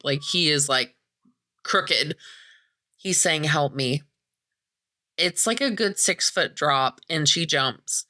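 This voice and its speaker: A woman's voice: sits low, sharp tone. A woman hosting a podcast, retelling a horror movie in casual chat, swearing freely and acting out the characters' lines. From American Midwest. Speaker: podcast host.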